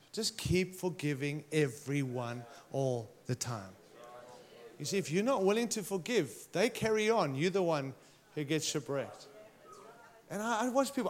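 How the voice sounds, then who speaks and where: A man's voice: high voice, very animated, moderate pace. A man preaching a sermon, emphatic and passionate, challenging his listeners directly. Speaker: pastor.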